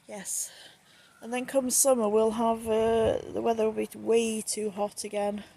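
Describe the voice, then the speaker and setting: A woman's voice: fairly high pitch, a little slow, gravelly. A woman with a Nottingham accent chatting casually on a live stream while strolling around her garden, filming on a handheld phone. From England. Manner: relaxed, chatty, drifting from one remark to the next. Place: home garden outdoors in the evening. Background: faint outdoor ambience, water.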